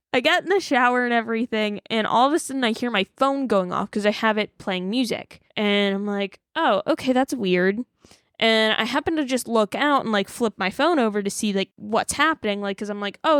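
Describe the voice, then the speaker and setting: Smooth and medium-pitched, this twenty-something podcast co-host is captured in dry studio-quality audio. Chatting casually, she recounts a story with lively acted-out quotes and lots of "like."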